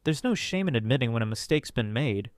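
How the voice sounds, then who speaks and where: A man's voice: mid-range voice, expressive, fairly quick, dry recording, studio quality, lightly acted. A man doing a syrupy, scheming mother-in-law. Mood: sneering. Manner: syrupy and sneering. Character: scheming sweet-voiced older mother-in-law.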